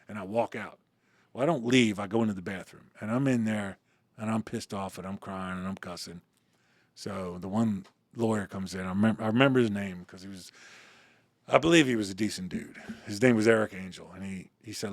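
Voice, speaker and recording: Middle-aged male guest, low voice, lively storyteller who acts out the quotes, dry booth sound. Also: a little fast, no room sound. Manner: animated storyteller, acts out quoted dialogue, casual cussing. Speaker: interview guest. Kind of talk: storytelling in a podcast interview.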